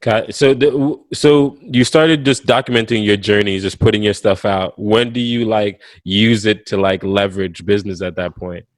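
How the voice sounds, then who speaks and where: A man from Jamaica hosting a podcast interview, asking questions in relaxed conversation. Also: fairly low pitch, normal speed, few pauses, no room sound. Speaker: podcast host. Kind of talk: casual interview chat.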